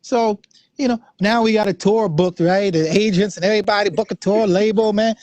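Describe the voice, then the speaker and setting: A man guest telling a story in a lively, slangy, laughing way. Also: high-pitched, brisk, no echo. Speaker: guest musician. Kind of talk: casual storytelling.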